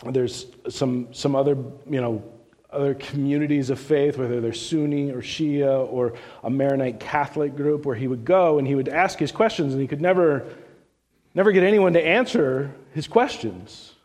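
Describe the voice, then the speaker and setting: A man's voice: mid-range voice, moderate pace, darkish tone. A middle-aged man giving a sermon, telling stories in a loose, chatty way with frequent restarts, his voice rising as a story builds. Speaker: visiting speaker on church missions. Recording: long reverb of a large hall.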